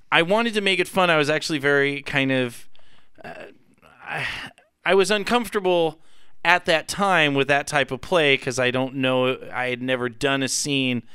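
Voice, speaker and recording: A man's voice: medium pitch, bright, forceful tone, smooth, no echo, studio quality. A man hosting a casual live talk show, telling a candid story with plenty of swearing and laughter. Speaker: host.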